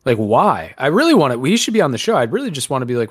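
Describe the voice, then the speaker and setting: A man's voice: medium pitch, very animated, fast talker, no room sound, studio quality. A man hosting a podcast in casual chat, rambling and sarcastic, swearing casually. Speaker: podcast host.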